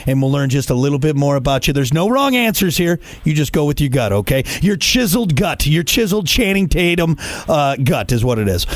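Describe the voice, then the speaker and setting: A man's voice: a little high, dry recording. A man with a northern Midwest accent hosting a rock podcast interview, playful and laughing often. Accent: Upper Midwest US. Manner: playful, laughs often, repeats lines for effect. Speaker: radio podcast host. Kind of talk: casual interview.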